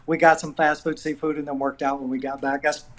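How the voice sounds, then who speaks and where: Easygoing Georgia-accented coach, slightly high. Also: male voice, little pitch movement, fast. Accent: Georgia Southern US. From US South. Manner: easygoing storyteller, chuckling often. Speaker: college wrestling coach. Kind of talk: casual podcast chat.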